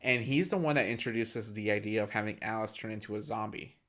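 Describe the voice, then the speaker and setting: A man's voice: fairly low pitch, fast talker, a bit bright. A man co-hosting a podcast, casually recapping a film in a rambling way with frequent fillers. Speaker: podcast co-host. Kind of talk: casual movie-review chat.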